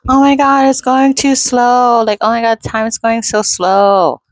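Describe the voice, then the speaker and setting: A woman voicing an overreacting, panicky complainer in a shrill, whiny, exaggerated way. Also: level tone, a little slow, dry recording, lightly acted.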